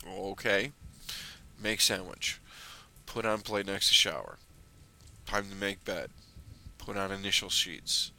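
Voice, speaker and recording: A man's voice: low-pitched, bright, forceful tone. A young man telling a personal story in a dry, wry way, often in short clipped phrases.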